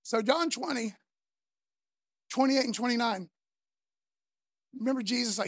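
A woman preacher giving a sermon in a chatty, animated way, acting out the voices she quotes. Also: a little high, a little slow, no room sound, studio quality.

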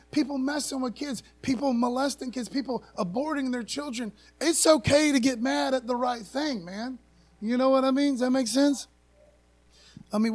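A man pastor giving a casual conversational sermon, emphatic and folksy, often tagging sentences with "man" and searching for words aloud. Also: high-pitched.

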